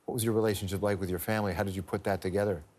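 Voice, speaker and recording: Low-voiced male talk show host. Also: steady tone, very fast, darkish tone. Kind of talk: interview hosting. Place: TV studio.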